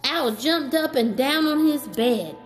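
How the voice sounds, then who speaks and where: A woman reading a children's story aloud as storyteller, gentle and slow, chatting to a child in between. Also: high-pitched, lively intonation, faint music behind.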